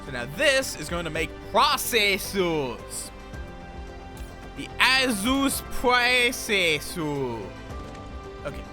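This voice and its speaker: Man, game streamer, high voice, unhurried, chatty, thinks out loud. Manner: chatty, greets chat while building, thinks aloud. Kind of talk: casual live-stream commentary.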